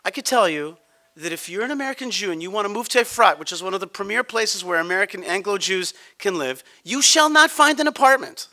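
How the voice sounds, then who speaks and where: A man's voice: high voice, quick pace, pushed and bright. A man speaking on a conference panel, blunt and emphatic, often restarting his sentences. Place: conference hall.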